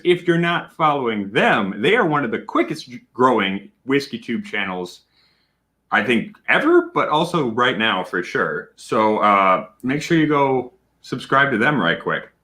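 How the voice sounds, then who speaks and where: A man hosting a casual livestream, chatty and animated, with plenty of fillers and shout-outs to viewers. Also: mid-range voice. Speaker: livestream host.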